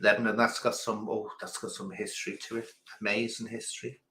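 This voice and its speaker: A man's voice: lowish voice, flat delivery, brisk, bright, forceful tone, a little hiss or hum. A man hosting a quiz on a livestream in casual chat, theatrical and grand in a self-mocking way, calling his listeners darling. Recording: echoey room.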